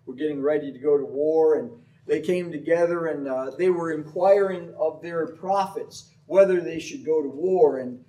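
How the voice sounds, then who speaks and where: A man's voice: on the high side, moderate pace. A man preaching a sermon, telling stories and slipping into acted voices. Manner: storytelling, animated with acted voices. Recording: voice from far off the mic.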